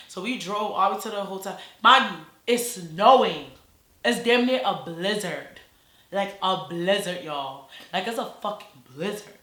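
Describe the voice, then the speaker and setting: A woman's voice: medium pitch, moderate pace, fairly bright tone. Rambling, profane young woman vlogger. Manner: rambling, profane, restarts often. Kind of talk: casual storytime vlog. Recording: echoey room.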